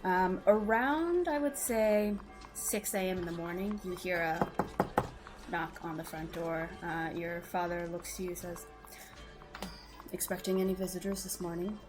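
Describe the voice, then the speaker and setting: A woman runs a tabletop game, describing scenes in a loose, conversational way full of ums and likes. Her voice sits on the lower side, and quiet music plays underneath. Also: unhurried. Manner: casual, many fillers like um and like. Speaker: game master.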